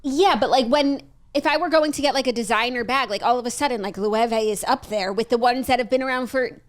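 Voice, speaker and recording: A young woman with a slightly higher voice co-hosts a relaxed podcast. She answers her friend with easygoing, dry little remarks. The chat is loose and casual. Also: fairly quick. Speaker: podcast co-host.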